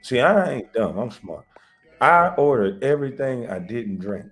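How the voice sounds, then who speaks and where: A man's voice: medium pitch, big pitch swings, unhurried, soft background music. A man telling wild stories in a casual chat, laughing often and swearing freely. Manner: loud, laughing, swearing storyteller. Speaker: show host.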